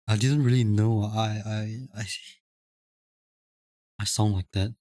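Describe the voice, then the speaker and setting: A man's voice: on the low side, fairly even intonation, takes it slowly, dark tone, dry recording, clean studio sound. A young man from Singapore with a light Singaporean English accent, chatting casually on a live stream, rambling and restarting his sentences. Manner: chatty, rambling, many restarts and stammered repeats. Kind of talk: casual live-stream chat, reading chat aloud.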